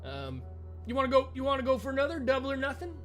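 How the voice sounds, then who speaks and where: A man's voice: very high-pitched, sing-song, quick pace, music in the background, pitched above the performer's own voice. A man voicing a shifty card-cheating gambler who stammers and talks in a folksy drawl. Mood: evasive.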